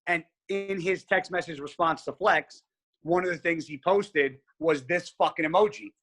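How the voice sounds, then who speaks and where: A man's voice: on the high side, moderate pace, soft background music. A man as a podcast guest, telling stories in casual chat, blunt and heavy on profanity. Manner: blunt, profane, animated storyteller.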